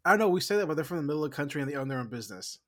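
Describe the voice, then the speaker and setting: A man's voice: fairly high pitch, big pitch swings, very fast, a bit bright. A man co-hosting a podcast in casual chat, emphatic and profane, rambling through his points. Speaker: podcast co-host.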